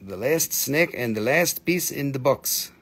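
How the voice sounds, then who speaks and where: A man's voice: mid-range voice, lively intonation, measured pace, a bit bright, slightly rough. A man chatting through a live sales stream of crystals, playful and joking, slipping into put-on broken-English voices.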